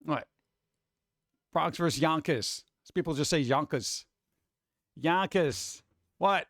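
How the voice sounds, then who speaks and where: A man's voice: fairly high pitch, takes it slowly, fairly bright tone, dry recording, clean studio sound. A man hosting a live stream, chatting casually and reading chat aloud in a rambling, jokey way with muttered asides.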